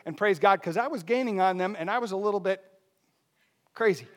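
High-voiced animated male preacher. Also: a little fast. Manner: animated storytelling with laughs and sudden shouts. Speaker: pastor. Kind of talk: sermon with personal story.

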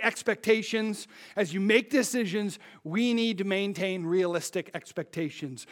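A pastor in his thirties delivers a sermon in a notably high voice. His delivery is animated and conversational, and he often slips into quick impressions of the people in his anecdotes.

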